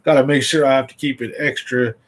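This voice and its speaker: A man's voice: mid-range voice, fairly even intonation, a little fast, low-quality recording. A man hosting a fishing livestream in a casual, rambling way, chatting straight to his viewers.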